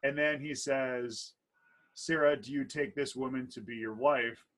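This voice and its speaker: A man's voice: medium pitch, steady tone, measured pace, a bit bright, low-quality recording. A man in his thirties, a wedding DJ and MC co-hosting a casual podcast chat, telling stories in a playful, rambling way with many restarts. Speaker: wedding DJ and MC, co-host.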